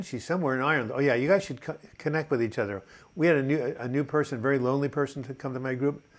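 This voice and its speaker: An older man hosting a casual live chat, upbeat and chatty as he reads out viewer comments, with plenty of fillers. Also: medium pitch. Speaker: host of a mental health live chat.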